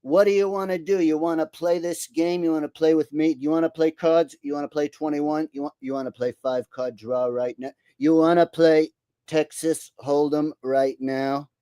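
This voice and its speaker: A man's voice: fairly high pitch, fairly even intonation, moderate pace, mellow, clean tone, dry recording, close to an everyday voice. A man doing an impression of a boastful, blustering older male president who repeats himself and bullies his listener. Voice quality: repetitive, bragging, bullying cadence.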